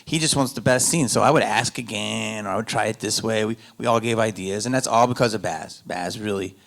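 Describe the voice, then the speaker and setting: A comedian talks on a convention stage, his voice bright and ringing as he tells a rambling story. He drifts from loud joking asides down to low, confiding storytelling, and his speech stays loose and casual. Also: fairly quick, vocal fry. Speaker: panel guest, actor and comedian. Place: convention panel room.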